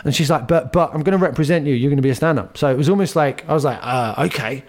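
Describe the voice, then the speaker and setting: A man, a comedian telling lively anecdotes with laughs in a casual interview. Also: a little high, racing. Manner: animated, anecdotal, laughs while telling stories. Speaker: guest comedian.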